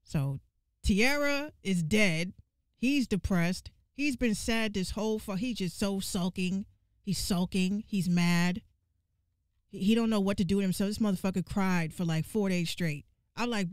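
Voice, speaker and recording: A woman giving casual gaming commentary, ranting in an animated, profane and exasperated way and repeating lines for emphasis. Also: medium pitch, a little slow, clean tone, no echo, studio quality.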